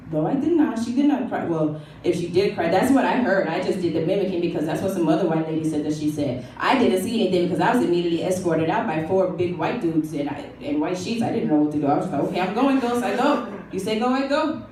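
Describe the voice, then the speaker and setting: A woman's voice: a little high, mellow, slight background noise, lightly acted. A woman comic playing a glamorous older star in a live stand-up act, telling her story in a dry, mock-haughty way. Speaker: comic performing a historical figure. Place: small coffee bar, live show. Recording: roomy live room, mic from far.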